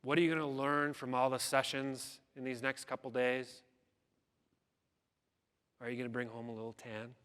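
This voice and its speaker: This keynote speaker has a medium-pitched, clean, slightly bright voice and a flat delivery at a moderate pace with long pauses. He dramatizes a story, performing the voices of its characters, in a space with long hall reverb.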